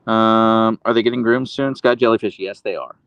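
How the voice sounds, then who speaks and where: His voice is lowish, creaky and a bit bright, clear and resonant at a normal speed, with no room sound. Holding a phone camera, this livestream host coos at his dog in baby talk and reads viewer comments out loud.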